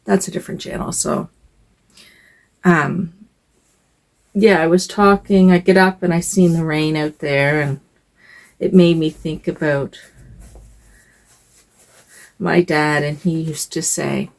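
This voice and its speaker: A woman's voice: deep voice, fairly even intonation, slow, gravelly, pauses often. An older woman vlogging from home in a rambling, hesitant casual chat, with sighs and fillers.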